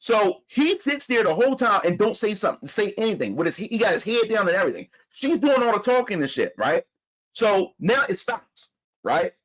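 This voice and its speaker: Young man, high-pitched voice, very lively intonation, profane heated storytelling, lots of restarts. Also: normal speed, low-quality recording. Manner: heated, profane, animated retelling with many restarts. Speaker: channel host. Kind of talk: casual storytelling.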